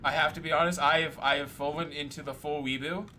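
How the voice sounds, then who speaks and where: A man streaming a game, chatting casually and rambling excitedly through stories. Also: on the high side, fast talker, slight background noise. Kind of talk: casual chat while gaming.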